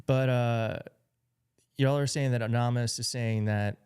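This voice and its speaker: A man's voice: mid-range voice, steady tone, a little slow, darkish tone, clear, resonant tone. Sarcastic man hosting a live stream. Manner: sarcastic, reacting to chat and clips. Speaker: livestream host. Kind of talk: casual live commentary.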